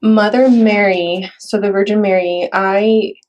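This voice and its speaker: A woman from Mexico, chatting casually and softly, with many fillers. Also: mid-range voice, steady tone, measured pace, a little hiss or hum, poor audio. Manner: soft-spoken, with fillers and Spanish phrases. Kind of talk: casual chat.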